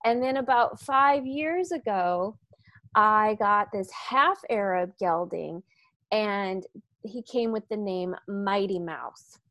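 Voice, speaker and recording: An American woman hosting a podcast, an enthusiastic and animated storyteller in casual interview chat. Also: medium pitch, slow, dry recording. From United States. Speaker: podcast host.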